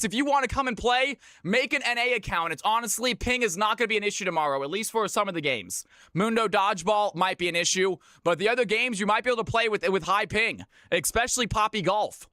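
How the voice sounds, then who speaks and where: A man hosting a live game stream, energetically giving shout-outs to chat and calling out teams. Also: high-pitched, a little fast, hardly any pauses, dry recording, clean studio sound.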